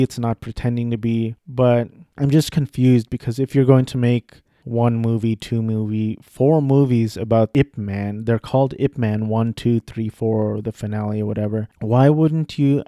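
A man's voice: mid-range voice, steady tone, a little slow, few pauses, mellow, no room sound, studio quality. Rambling young man chatting about movies. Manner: rambling, self-correcting, offhand. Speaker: vlogger. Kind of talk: casual film chat.

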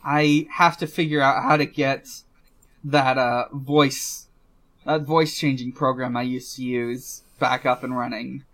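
A man's voice: medium pitch, flat delivery, a little slow, fairly bright tone. A man co-hosting a podcast, chatting casually, hesitant, with many fillers and restarts. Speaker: podcast co-host.

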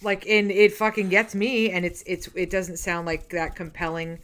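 A woman co-hosting a casual podcast, talking in quick, sarcastic, profane banter. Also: on the low side, level tone, fairly bright tone. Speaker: podcast co-host. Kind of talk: casual chat.

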